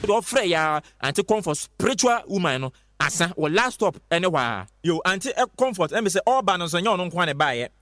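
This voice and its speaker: A man presenting an advert on radio, fast and insistent, repeating his phrases. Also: sits high, sing-song, fairly bright tone. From Ghana. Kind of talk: hyped radio advert pitch.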